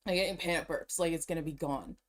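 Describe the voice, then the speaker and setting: Talking fast in a low voice, this woman streams herself browsing and shopping online, chattering away to herself. Her manner is excitable and full of slang, with frequent laughter and a slightly breathless quality.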